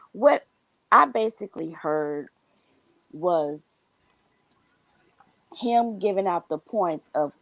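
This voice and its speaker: A woman's voice: sits low, a little mellow, dry recording, poor audio. A woman co-hosting a casual commentary show, giving blunt, profane opinions.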